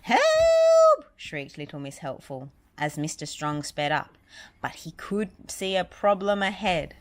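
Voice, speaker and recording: Lady reading a kids' book out loud, lowish voice, chats to the little one between pages. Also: measured pace. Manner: lively, chatty asides to a listening child. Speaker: storybook reader. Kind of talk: reading a picture book aloud to a child.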